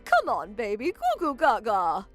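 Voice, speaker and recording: Nagging, sneering mother-in-law, a woman voicing her, high and wildly swooping; animated story. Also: a little slow, loud music behind the voice. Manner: sneering, mocking, shrill taunts.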